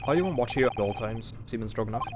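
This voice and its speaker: A man voicing a polite young male student in a game, asking careful, slightly hesitant questions, with steady noise in the background. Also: medium pitch, fast talker, natural voice. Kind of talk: let's-play dialogue reading.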